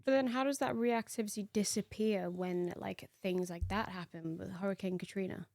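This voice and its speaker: A woman's voice: medium pitch, steady tone, normal speed, creaky, darkish tone, dry recording. A woman co-hosting a casual podcast chat, curious, asking questions and making jokes. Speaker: podcast co-host.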